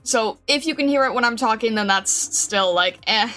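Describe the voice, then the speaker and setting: A woman's voice: a little high, normal speed, sharp tone, faint music behind. A woman streamer chatting casually with her live chat, bubbly and giggly, greeting viewers by name from a home desk mic. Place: home streaming room with a fan. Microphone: desk mic with noise filter.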